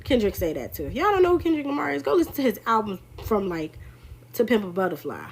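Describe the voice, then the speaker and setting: A young woman giving casual political commentary on a livestream, in a sassy, emphatic, animated way. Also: medium pitch, fast, husky.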